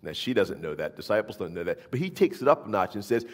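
A man preaching a sermon and reading scripture, animated, often asking "right?" and repeating words. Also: lowish voice, fast talker. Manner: animated, rising to near-shouts for emphasis. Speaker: pastor. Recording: long hall reverb.

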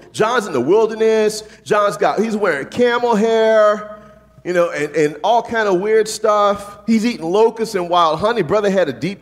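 A man preaching a sermon with lively, joking delivery, often asking "right?" and acting out the voices of the people he quotes. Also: high-pitched. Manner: animated, jokey preaching with frequent rhetorical "right?". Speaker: pastor. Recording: long reverb from a large hall.

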